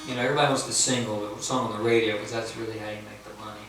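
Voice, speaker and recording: A man's voice: on the low side, flat delivery, quick pace, hardly any pauses, a bit bright, a little hiss or hum. A man, a singer-songwriter, telling a self-mocking story between songs at a house concert and laughing at his own jokes. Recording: echoey room from far off, guitar. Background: acoustic guitar.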